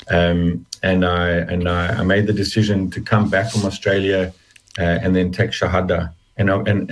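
A man telling his personal story as an interview guest, halting and reflective with many restarts, close to tears. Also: low voice, husky, poor audio.

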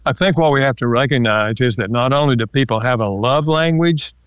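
A man guest, an author and counselor, calmly explaining ideas step by step with examples in a relaxed interview. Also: mid-range voice, brisk, clear, resonant tone, dry recording.

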